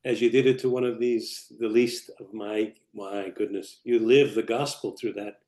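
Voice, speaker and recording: A man interviewing a guest, asking gentle, reflective questions with religious phrasing. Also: on the low side, fairly even intonation, normal speed. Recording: roomy echo.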